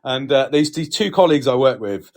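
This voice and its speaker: A man's voice: mid-range voice, lively intonation, a little fast, darkish tone. A British man co-hosting a casual podcast, bantering bluntly with plenty of swearing. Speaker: podcast co-host. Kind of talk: casual chat.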